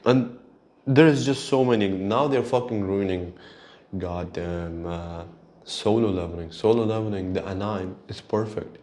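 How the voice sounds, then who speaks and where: A man's voice: low voice, a little slow, a little mellow, a little hiss or hum. A man hosting his own solo show, ranting in an exasperated, profane way. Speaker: podcast host. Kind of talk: solo rant.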